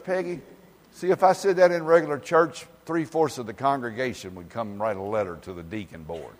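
A man preaching an informal sermon, talking directly to people by name and swinging from loud emphasis to quiet asides. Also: fairly high pitch, brisk, big-room sound. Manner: folksy, talks directly to congregation members by name. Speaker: pastor. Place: church.

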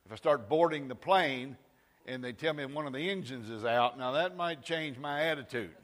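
A man preaching a sermon, firing rhetorical questions and rising to shouts. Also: mid-range voice, normal speed, long reverb tail. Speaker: pastor. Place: church sanctuary.

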